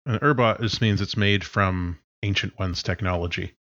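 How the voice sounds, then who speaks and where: A low-voiced man runs a tabletop game, explaining rules in a calm, matter-of-fact way. The sound is dry and a bit dull, as on a modest home microphone. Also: normal speed, dry recording. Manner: relaxed, explains rules plainly. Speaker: game master.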